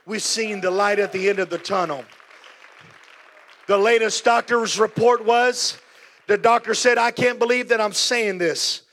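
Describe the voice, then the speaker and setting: A man's voice: high voice, measured pace, fairly bright tone, a little hiss or hum. A middle-aged man preaching a sermon and leading prayer, with a fervent, repetitive cadence. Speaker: pastor.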